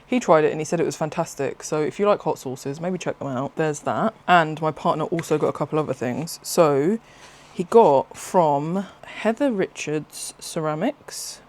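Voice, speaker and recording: In a chatty vlog, the craft vlogger speaks at a moderate pace in a medium pitch, barely pausing at all. Her talk is rambling and excitable, broken up by frequent laughter and abandoned thoughts.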